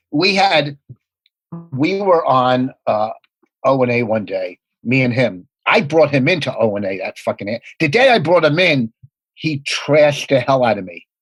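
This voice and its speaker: A man telling rapid, profane comedy anecdotes in a casual podcast chat. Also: mid-range voice, huge pitch swings, fairly bright tone, slightly rough, no room sound, poor audio. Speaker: comedian guest.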